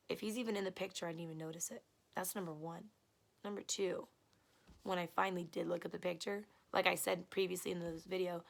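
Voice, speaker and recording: A woman with a lowish, gravelly voice tells her story straight to camera in a heated, blunt way, swearing freely. Her delivery drops to low mutters, then climbs into loud, exasperated bursts. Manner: heated, blunt and profane, retelling an abusive relationship. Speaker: vlogger. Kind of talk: personal storytime vlog.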